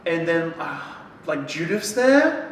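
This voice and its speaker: A man with a somewhat high voice recaps a book in casual conversation and swears freely. He sounds far from the mic in a very echoey room with faint noise behind him. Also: big pitch swings, slow pace. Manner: profane, retells plot acting out characters' lines. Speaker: podcast co-host. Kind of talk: casual book-review chat.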